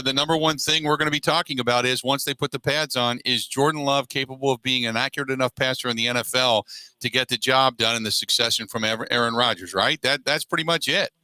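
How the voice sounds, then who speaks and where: A man's voice: medium pitch, pushed and bright, dry recording, low-quality recording. A man hosting a sports talk radio show, reading a sponsor spot and asking a guest long questions. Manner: reads ad copy then asks long questions.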